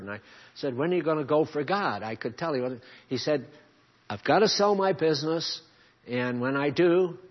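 Man preaching, husky voice, emphatic swells, muffled lo-fi sound. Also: medium pitch. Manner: emphatic preaching with sudden loud climbs and quiet drops. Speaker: pastor. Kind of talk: sermon. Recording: dull lo-fi sermon recording.

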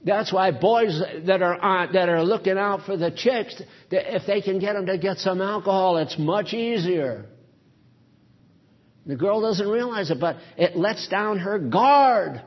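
A man preaching a sermon in an earnest, emphatic way, swinging between loud and soft. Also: high voice, measured pace, lo-fi sound.

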